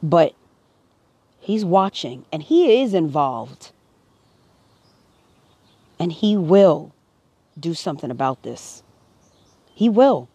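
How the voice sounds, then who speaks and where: A woman's voice: fairly low pitch, sing-song, slow pace, long pauses, mellow, slightly rough, no echo. A woman speaking to camera, earnest and preachy, her voice rising to emphatic peaks. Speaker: vlogger. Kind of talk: impassioned personal commentary.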